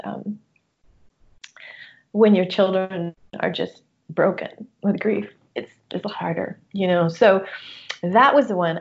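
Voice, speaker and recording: A woman's voice: medium pitch, a little mellow. Earnest middle-aged woman, muffled audio. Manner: earnest, open, talks in rushes with many restarts. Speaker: guest, coach. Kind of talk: candid personal conversation.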